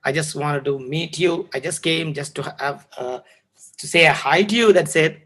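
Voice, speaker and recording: Casting: a man doing a polite but whiny young student, high and bright, complaining fast. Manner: polite, then whiny protest. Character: reluctant young student visiting a teacher.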